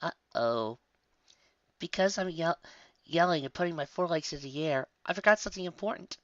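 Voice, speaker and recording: A woman reading a fan story aloud with expressive storybook narration. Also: lowish voice, quick pace, dry recording, muffled recording. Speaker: story reader.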